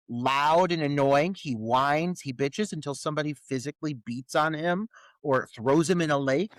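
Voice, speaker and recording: A man's voice: fairly high pitch, fairly bright tone, no echo, poor audio. A man co-hosting a podcast in casual film review chat, exasperated and ranting in rhetorical questions with plenty of swearing. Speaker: podcast co-host.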